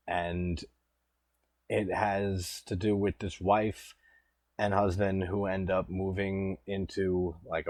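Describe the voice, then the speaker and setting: A man in his thirties rambles through his own casual commentary in a very low, relaxed voice, dropping the odd curse along the way. The sound is dry and close, with almost no room around it. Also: no echo. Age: 30s. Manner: rambling, laid-back, swears casually. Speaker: host.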